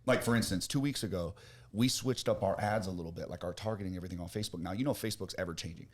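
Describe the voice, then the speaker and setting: Brash, cursing young guy from Florida, lowish voice, loud boasts that drop to quiet. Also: rapid-fire. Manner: brash, boastful, swears a lot, swings from loud to low. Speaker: podcast host, business owner. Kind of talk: casual chat.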